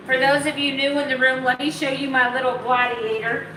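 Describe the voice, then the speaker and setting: A woman's voice: sits high, little pitch movement, unhurried, pushed and bright, slight background noise. A woman casually chatting in a home vlog, bubbly and talkative, breaking into baby talk for her dogs. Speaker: keto vlogger. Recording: echoey room, mic at a distance.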